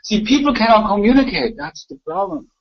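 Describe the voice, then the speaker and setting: A man's voice: high voice, very animated, brisk. A man ranting argumentatively in a live voice chat room, repeating himself and mocking others. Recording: dull lo-fi voice chat audio.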